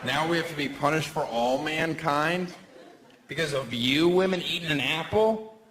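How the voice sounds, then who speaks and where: A man doing a stand-up comedy set on a club stage, talking animatedly and jumping into shrill put-on voices for his bits. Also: normal speed, a bit bright. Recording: roomy live club sound with crowd noise.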